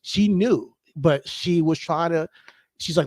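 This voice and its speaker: A man co-hosting a podcast in casual chat, animated and laughing, getting emotional as he talks. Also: on the high side, slow, no room sound. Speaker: podcast co-host.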